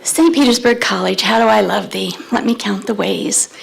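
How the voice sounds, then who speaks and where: A woman's voice: medium pitch, steady tone, moderate pace, creaky, low-quality recording. An older woman giving an emotional, self-deprecating farewell speech as she retires, thanking her colleagues. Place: board meeting room with audience.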